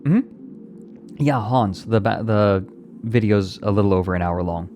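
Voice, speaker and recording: A man's voice: on the low side, moderate pace, darkish tone, slight background noise. A man streaming live, chatting casually and playfully with his viewers and answering their comments as he rambles along. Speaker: livestreamer.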